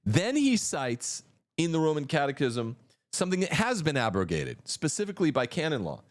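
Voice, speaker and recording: A man's voice: a little high, wildly swooping pitch, normal speed. A man hosting a livestream, arguing in a combative, mocking way. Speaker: host. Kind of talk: livestream commentary.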